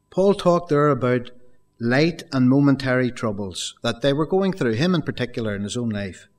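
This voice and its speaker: A man's voice: mid-range voice, animated, moderate pace. A male preacher giving a sermon, reading scripture with rising emphasis and speaking to the congregation as folks, sometimes stammering and repeating words.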